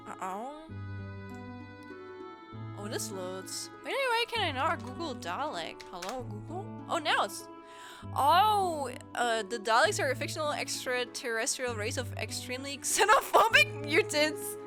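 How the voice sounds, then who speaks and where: A woman's voice: high voice, big pitch swings, normal speed, over music. A young woman from Germany, chatting casually with viewers on a live stream, giggling often and rambling playfully.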